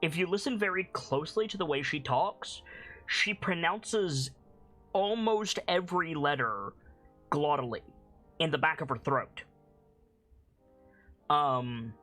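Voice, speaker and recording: Chatty live-stream gamer reading menus aloud, mid pitch. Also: lively intonation, slow, long pauses, pushed and bright, soft background music, poor audio. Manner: chatty, reads game text aloud. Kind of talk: casual game commentary.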